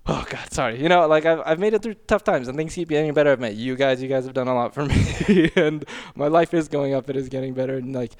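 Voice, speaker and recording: A man telling a painful personal story on a podcast, halting and earnest, often apologizing. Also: medium pitch, darkish tone. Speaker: podcast regular.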